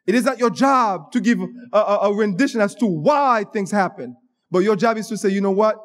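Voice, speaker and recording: A man's voice: sits high, brisk. A man preaching a sermon, emphatic, often restarting his words mid-phrase. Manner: emphatic, with repeated restarts and stammers. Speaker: pastor.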